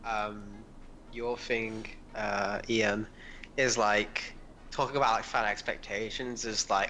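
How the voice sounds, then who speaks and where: A man's voice: mid-range voice, takes it slowly, bright, forceful tone, slight background noise. A man co-hosting a casual podcast, joking and swearing freely.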